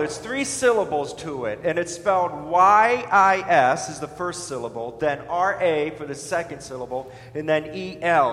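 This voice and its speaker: A pastor giving a sermon, leading his listeners to repeat words after him in a slow, deliberate, emphatic way. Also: a little high, very animated, fairly bright tone. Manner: leads the listeners in call-and-response pronunciation. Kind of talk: sermon teaching with congregation repetition. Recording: echoey hall with long reverb.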